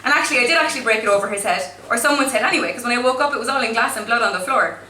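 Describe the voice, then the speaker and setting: A woman's voice: a little high, rapid-fire, bright, forceful tone, reverberant, recorded from a distance, slight background noise. A woman voicing a brash, drunk teenage girl with a real Cork City accent, rambling and swearing through flash fiction. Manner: swaggering, swearing, rambling storytelling. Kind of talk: flash fiction read aloud.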